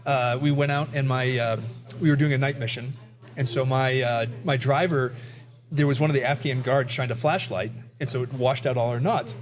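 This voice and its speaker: A man in his forties, a political candidate, telling stories in a laughing, animated way, recorded in a brewery taproom. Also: medium pitch, moderate pace. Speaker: congressional candidate and guest. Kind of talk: storytelling in casual chat.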